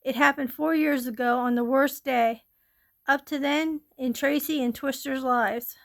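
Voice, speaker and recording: A woman steadily reading a ghost story aloud, gently and with small slips. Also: sits high, steady tone, measured pace.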